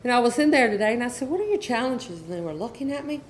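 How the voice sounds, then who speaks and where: Talking fast in a slightly high, expressive voice, a middle-aged educational counselor gives a conference presentation. She's earnest and repeats her key ideas for emphasis.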